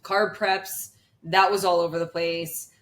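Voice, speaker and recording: A young woman appears as a podcast guest, chatting casually about her bodybuilding competition prep with plenty of fillers. Her voice is lowish and level in tone, and she speaks a little slowly.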